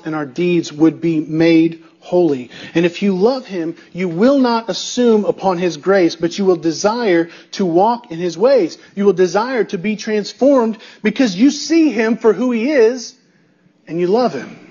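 A man's voice: high-pitched, dark tone, breathy edge, highs cut off. A man preaching a sermon as a pastor. He is emphatic, repeats key phrases and asks the listeners rhetorical questions.

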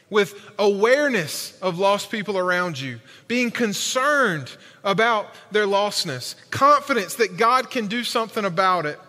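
Male pastor preaching, emphatic and questioning, high bright voice, long hall reverb. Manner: emphatic, rhetorical questions, colloquial asides. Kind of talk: sermon.

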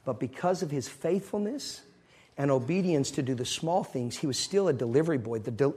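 A man preaching a sermon, telling a story and swinging between loud moments and hushed ones. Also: medium pitch, husky.

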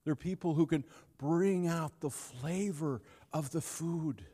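Pastor preaching in a reverberant hall. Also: male voice, fairly high pitch, breathy edge. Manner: storytelling with dramatic pauses and swings between loud and hushed. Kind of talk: sermon.

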